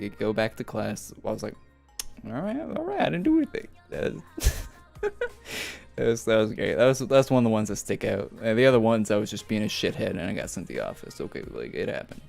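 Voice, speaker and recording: A man's voice: fairly low pitch, fast, creaky, a little mellow. A young man streaming a game, rambling through school stories in casual chat. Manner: rambling storytelling with laughs. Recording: faint music behind.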